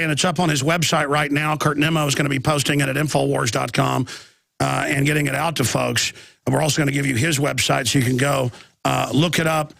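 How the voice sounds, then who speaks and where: A man's voice: a little high, creaky, fairly bright tone, no room sound. A man in his thirties with a Texan accent hosting a live talk radio show, telling a rambling story full of restarts and quoted voices.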